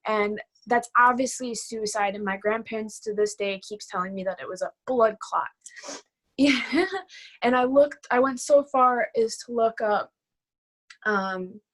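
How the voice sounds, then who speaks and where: A nineteen-year-old woman talking in a casual interview, her speech full of "like" fillers. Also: medium pitch. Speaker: guest. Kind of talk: personal storytelling interview.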